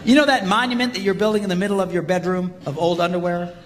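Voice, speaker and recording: A man giving a comedic marriage seminar to a live audience, with punchy delivery and shouted sound effects, recorded in a large reverberant hall. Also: sits high, steady tone, fast talker. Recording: reverberant hall with background noise.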